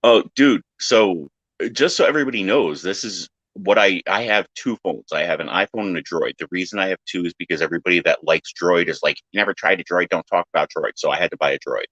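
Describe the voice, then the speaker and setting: A man in casual chat who tells animated stories, acting out other people's lines in silly high voices and swearing freely. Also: fast, dry recording. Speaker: podcast panelist. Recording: dry, dull lo-fi sound.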